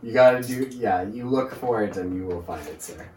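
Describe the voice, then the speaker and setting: A man's voice: on the low side, expressive, moderate pace, darkish tone, slight background noise. A young man in casual chat as a podcast co-host, teasing and wry. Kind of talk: casual chat among friends. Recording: echoey room, distant mic.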